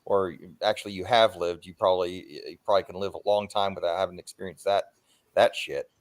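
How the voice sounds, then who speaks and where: A man's voice: sits low, fairly even intonation. Rambling, swearing man chatting on a livestream. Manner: rambling, swears freely, frequent filler pauses. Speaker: livestream host. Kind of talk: casual livestream chat.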